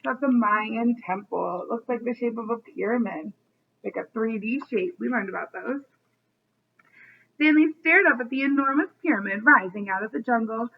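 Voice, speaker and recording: A kindergarten teacher reads a chapter book aloud to young children, stopping now and then to explain the story. Her voice sits fairly high, and the recording sounds thin and phone-like. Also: moderate pace, vocal fry. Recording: tinny phone-like line.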